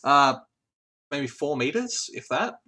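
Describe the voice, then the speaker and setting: A man's voice: a little high, very animated, slow, pushed and bright. A man narrating a tabletop game as game master, in a descriptive storytelling manner.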